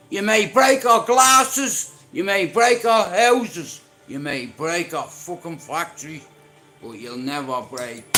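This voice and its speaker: A man putting on a defiant grown man from a wartime neighbourhood, shouting and swearing in a rousing way. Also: mid-range voice, exaggerated voice.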